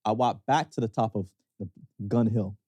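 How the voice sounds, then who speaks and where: A man's voice: normal speed, breathy edge. A man with a Canadian accent co-hosting a podcast, telling stories expressively in casual chat. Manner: expressive storyteller, drops into low voices for quotes. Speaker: podcast co-host.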